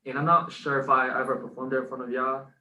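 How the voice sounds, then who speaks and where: A man's voice: mid-range voice, little pitch movement, fast, pushed and bright, distant mic, dull audio, a little hiss or hum. A man co-hosting a podcast who recites his own spoken word poem in an earnest, rhythmic way. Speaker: co-host and spoken word poet. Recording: echoey room, off-mic.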